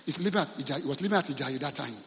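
Nigerian pastor preaching in a reverberant church. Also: male voice, fairly high pitch, very fast, bright, forceful tone, slight background noise. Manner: storytelling, humorous, asks the congregation questions. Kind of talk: sermon.

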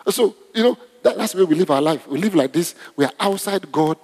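A man's voice: sits high, lively intonation, fairly quick, a little mellow, breathy edge. A man preaching a conversational sermon in a church, often asking the congregation questions. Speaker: pastor. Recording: long hall reverb.

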